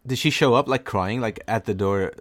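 A man's voice: lowish voice, moderate pace. A young man co-hosting a podcast, talking casually and laid-back, dropping "like" and "man" often. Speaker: podcast co-host. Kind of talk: casual chat.

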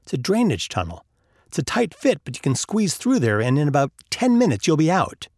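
A man voicing a patient, helpful male friend who talks calmly and reassuringly. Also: fairly high pitch, a little fast, no echo, clean studio sound, heavily acted.

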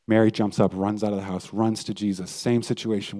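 A man's voice: lowish voice, level tone, a little fast, dark tone. A male pastor giving a conversational sermon and putting questions to his listeners. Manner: conversational preaching, asks the audience questions.

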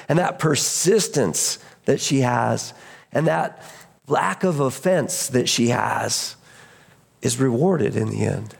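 A man preaching a sermon as pastor, retelling stories animatedly and acting out voices, shouting at the peaks. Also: medium pitch, expressive, slow, creaky. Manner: storytelling, acts out voices in the story.

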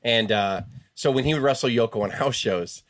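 A man co-hosting a casual chat show, telling stories in an animated, swearing way. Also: mid-range voice, moderate pace, no room sound. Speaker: podcast co-host.

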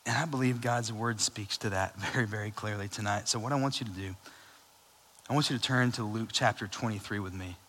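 Male pastor, bright forceful voice, casual animated sermon, hall reverb. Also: fairly low pitch, brisk, a little hiss or hum. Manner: casual, animated preaching with asides and laughs.

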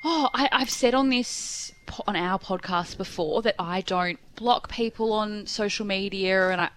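Tearful woman co-host, halting chat with a faint noisy background. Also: mid-range voice. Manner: emotional, halting, drops to a whisper when upset. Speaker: podcast co-host. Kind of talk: casual chat.

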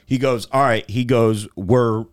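A man's voice: medium pitch, unhurried. A man hosting a podcast, telling a story casually with lots of swearing and acted-out dialogue. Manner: profane, animated storyteller acting out dialogue. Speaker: podcast host.

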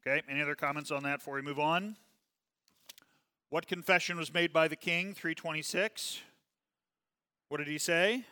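Male Bible study teacher, bright crisp voice, slightly high, conversational, often checks in with the class; reads verses slow and emphatic. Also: big-room sound. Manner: reads scripture slowly and emphatically.

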